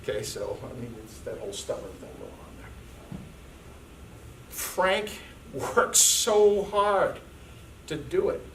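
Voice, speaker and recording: A man's voice: mid-range voice, very animated, measured pace, creaky, pauses often, background noise. Guy giving a seminar talk, keeps saying okay, sounds kinda far off in a room. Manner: conversational, frequent "okay" check-ins. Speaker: seminar speaker. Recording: echoey room, mic distant.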